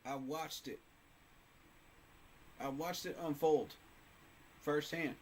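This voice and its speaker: A man's voice: fairly high pitch, fairly even intonation, slow pace, a little hiss or hum. A man hosting a sports fan channel, talking casually to camera in a passionate, emphatic way and repeating phrases for effect.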